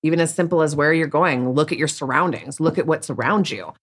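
A woman's voice: deep voice, lively intonation, brisk, husky. A woman speaking candidly as an interview guest, bluntly and with frequent restarts. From Canada. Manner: blunt, rambling, many restarts. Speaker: podcast guest.

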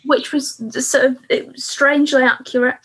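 A young woman co-hosting a podcast, chatty and quick as she recaps an episode with laughs. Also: high-pitched, level tone. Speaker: podcast co-host. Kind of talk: casual chat.

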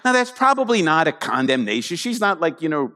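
A man preaching a conversational sermon, telling the story with animated asides to his congregation. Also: fairly high pitch, fairly quick. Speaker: pastor. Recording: long hall reverb.

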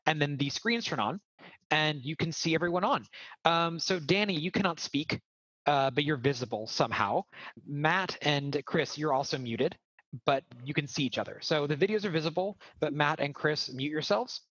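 A man runs a tabletop game, hesitantly explaining the rules with frequent fillers. His voice sits a little high. The recording is dry and dull, like a cheap mic. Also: lively intonation, moderate pace, fairly bright tone, no echo. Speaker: game master.

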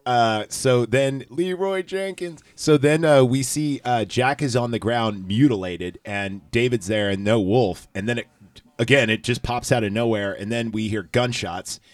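A man's voice: medium pitch, a little slow, no echo. A man hosting a casual movie recap chat, rambling with lots of fillers and profanity. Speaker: podcast host.

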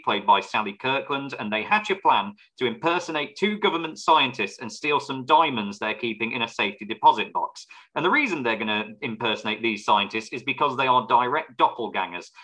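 A man's voice: mid-range voice, bright, forceful tone, low-quality recording. A man co-hosting a film podcast, reviewing a movie with wry, sarcastic humor. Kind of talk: casual film review chat.

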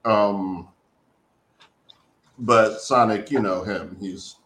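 Slow, patient man in a roomy space. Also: lowish voice, steady tone, a bit bright. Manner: patient, explains slowly with fillers. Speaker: co-host. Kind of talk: casual comic book discussion. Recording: roomy echo.

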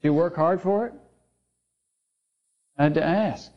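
A man's voice: high-pitched, expressive, normal speed, long pauses, warm tone. A man preaching a sermon, telling stories in a conversational way and acting out the people in them. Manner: storytelling, conversational with quoted voices. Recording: dull lo-fi sound.

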